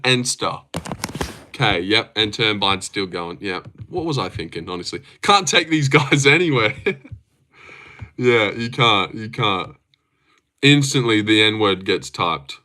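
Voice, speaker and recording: Aussie streamer dude, bright voice, rambly, swears and laughs a lot. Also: male voice, mid-range voice. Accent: Australian. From Australia. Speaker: livestream host. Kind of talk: casual livestream chat reading comments.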